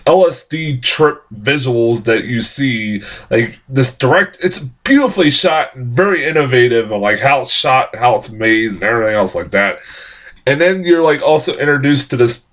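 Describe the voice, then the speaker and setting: A man giving a casual, rambling film review, excitable and swearing often. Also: mid-range voice, normal speed.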